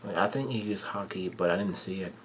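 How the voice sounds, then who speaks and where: A man casually recapping a manga chapter in halting, run-on sentences full of "and" and "uh" fillers. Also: deep voice, a little hiss or hum.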